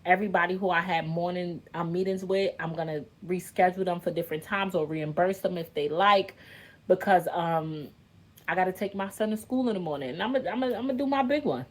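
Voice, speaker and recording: A woman speaking in in an emotional vlog, venting straight to her viewers, animated and swearing freely. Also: fairly low pitch, a little fast. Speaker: content creator venting to viewers.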